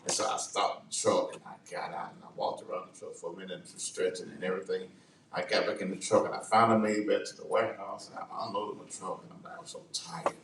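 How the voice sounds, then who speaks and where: A man hosting a church talk show, telling a story in a lively, dramatic way with laughter. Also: low voice, fast talker, background noise. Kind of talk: animated storytelling in casual chat. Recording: roomy sound from a distant mic.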